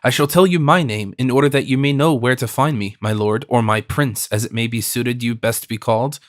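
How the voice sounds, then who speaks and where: A man reading the part of a bold, quick-tempered young Gascon swordsman in an audiobook, defiant and mocking. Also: mid-range voice, no room sound, studio quality, lightly acted.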